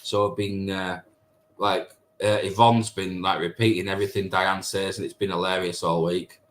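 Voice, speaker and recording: A man's voice: sits low, level tone, normal speed. A man in his thirties hosting a live stream, chatting and teasing viewers as he reads their comments. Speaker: live stream host reading chat. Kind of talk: casual chat with viewers.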